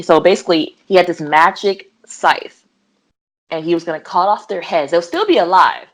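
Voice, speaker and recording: A young adult woman co-hosting a podcast, chatting casually and laughing often as she retells scenes in acted-out voices. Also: deep voice. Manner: giggly, animated retelling with voiced quotes. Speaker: podcast co-host. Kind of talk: casual chat.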